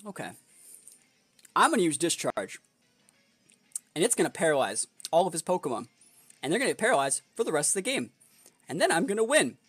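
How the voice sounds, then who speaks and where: A young man commenting on his own gameplay. He mutters strategy in a lively, up-and-down voice over faint background music. The dry, close sound has no room echo. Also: fairly high pitch, fairly quick, pauses often, slightly rough. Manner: analytical, muttering strategy to himself, then bursting into exasperated outbursts. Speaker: competitive game player and video creator. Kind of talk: thinking-aloud gameplay commentary.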